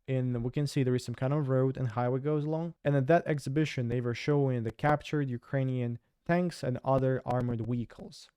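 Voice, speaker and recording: A man's voice: medium pitch, steady tone, fairly quick, hardly any pauses, warm tone, clean tone, no room sound, studio quality. Sarcastic man. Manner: sarcastic, chatty, with fillers and restarts. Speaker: host. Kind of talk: casual news commentary.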